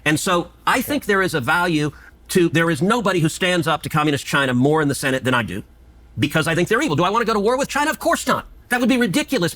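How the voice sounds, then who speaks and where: Man, heated debate, lively pitch, insistent, stammered restarts. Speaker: senator.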